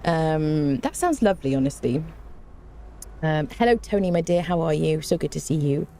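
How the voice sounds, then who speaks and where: Her voice is deep and dark-toned, with lively intonation at a normal speed. She's a game streamer chatting casually with viewers, rambling playfully and coining silly words, recorded on a desk microphone in a home room with an open window, a fan blowing, and a slight hiss or hum.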